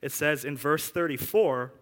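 A young man preaching a casual, conversational sermon, animated and chatty with plenty of asides. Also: fairly high pitch, unhurried. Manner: animated, chatty, lots of asides and filler words. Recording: long hall reverb.

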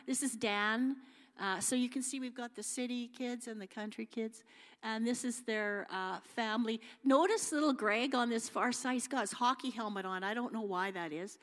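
A woman's voice: medium pitch, fairly bright tone. A middle-aged woman giving an informal church talk with slides, chatty and homely, with many fillers and restarts. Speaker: guest speaker at church. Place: church hall. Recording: long hall reverb.

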